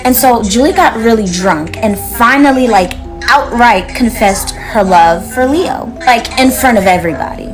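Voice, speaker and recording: A woman with a slightly high voice tells a story in a loose, chatty way, leaning on "like" as she walks through what each person said. Music plays clearly behind her the whole time. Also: lively intonation, normal speed, hardly any pauses, rough recording. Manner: chatty, recounts dialogue with lots of "like". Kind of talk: casual storytelling.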